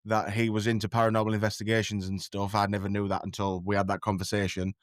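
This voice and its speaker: A man's voice: on the low side, little pitch movement, quick pace, no room sound, clean studio sound. A man talking as a podcast guest in a casual chat, rambling and self-deprecating, often tripping over his words.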